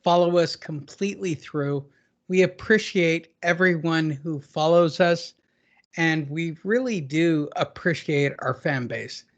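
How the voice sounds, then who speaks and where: A man reading a podcast sign-off, slow and thankful toward listeners. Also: on the high side. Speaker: podcast host reading outro. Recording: dull lo-fi audio.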